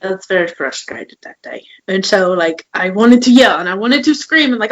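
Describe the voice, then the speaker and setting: A woman's voice: medium pitch, lively intonation, moderate pace, few pauses, lo-fi sound. A woman in her twenties co-hosting a podcast, telling candid personal stories in casual chat and acting out quoted lines. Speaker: podcast co-host.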